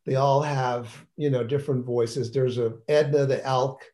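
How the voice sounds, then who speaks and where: A man's voice: medium pitch, steady tone, normal speed, darkish tone. Enthusiastic rambling man, author interview. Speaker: children's book author. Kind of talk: casual interview talk.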